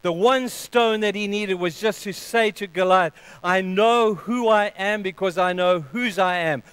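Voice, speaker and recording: High-voiced preaching man, smooth and dry. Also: unhurried, dry recording, low-quality recording. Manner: preaching with sudden loud emphatic bursts, then hushed; leads a closing prayer. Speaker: pastor. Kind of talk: sermon.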